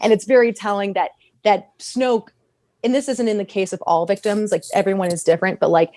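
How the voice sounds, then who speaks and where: A woman's voice: mid-range voice, darkish tone. A woman talking on a podcast panel in a passionate, rambling way, restarting her sentences often. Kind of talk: casual podcast discussion.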